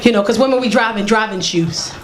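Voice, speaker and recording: A woman comedian doing a stand-up set, brash and profane, breaking into loud shouting bits. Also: medium pitch, fast talker. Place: comedy club stage before a laughing audience. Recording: live club recording with loud crowd laughter. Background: crowd laughing and cheering.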